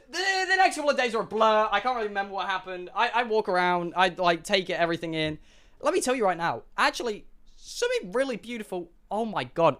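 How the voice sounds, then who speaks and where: A young man streaming, telling a rambling, profane story to his live chat in an animated way. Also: high-pitched.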